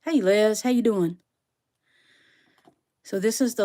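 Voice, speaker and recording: A woman's voice: mid-range voice, slow, long pauses, mellow. Chatty woman live-streaming, a bit sniffly. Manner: chatty, talks back to viewers by name. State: sniffling from sneezing. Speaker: live-stream host unboxing rocks. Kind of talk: casual live-stream chat with viewers. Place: her bedroom. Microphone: phone on a stand.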